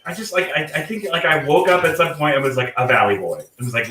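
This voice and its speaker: A man's voice: medium pitch, fast talker, hardly any pauses, pushed and bright, echoey room, distant mic, poor audio. A man from the American South with a General American accent, chatting casually while he cooks, his talk full of "like" and "you know". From North Carolina, raised partly in Georgia. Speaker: guest cook. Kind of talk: casual chat while cooking.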